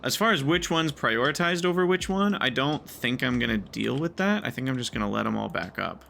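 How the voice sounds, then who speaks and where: A man's voice: mid-range voice, lively intonation, brisk, gravelly, sharp tone, slight background noise. A man giving casual gameplay commentary, thinking aloud and muttering to himself as he plays. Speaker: gaming video creator.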